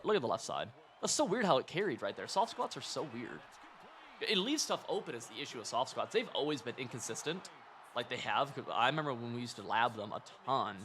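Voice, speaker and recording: A young man streaming a football video game, chatting and reacting in casual gameplay commentary, swinging from muttering to yelling. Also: mid-range voice, slight background noise. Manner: excitable, talks to himself and the opponent, jumps from mutters to yells.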